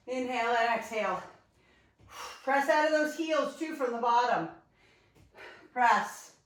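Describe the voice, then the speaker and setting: A woman's voice: a little high, animated, takes it slowly, pauses often. A woman fitness instructor coaching a live workout from her living room, out of breath and chatty, cueing with encouragement. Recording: echoey room, mic at a distance.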